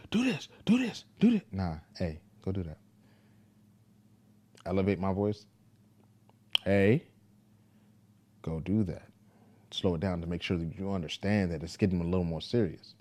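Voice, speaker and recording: A father talking casually to the camera, telling a parenting story in a laid-back, deliberate way. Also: low-pitched, mellow.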